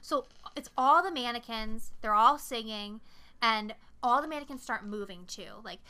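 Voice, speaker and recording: A young woman hosts a casual podcast, retelling a film scene by scene with animated, profane energy. Her voice is bright and sits a little high. She throws in acted-out bits of dialogue as she goes. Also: normal speed, clean tone. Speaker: podcast co-host. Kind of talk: casual movie recap chat.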